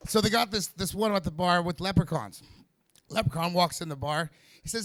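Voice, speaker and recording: His voice high and a touch bright, a nervous man stumbles through an amateur stand-up set at a small vape-shop comedy venue, rambling and restarting, his jokes padded with fillers.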